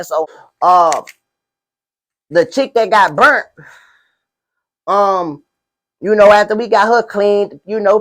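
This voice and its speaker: A man playing a boastful streetwise pimp in a spoof interview, rambling in slang and constantly asking "you know what I'm saying". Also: high-pitched. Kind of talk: comedic parody interview.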